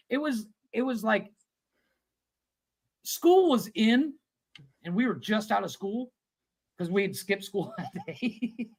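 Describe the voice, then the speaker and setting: Animated man telling a gravelly story. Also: high-pitched, slow pace, long pauses, poor audio. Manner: animated storyteller, acts out quotes, swears freely. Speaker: podcast co-host. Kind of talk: casual storytelling chat.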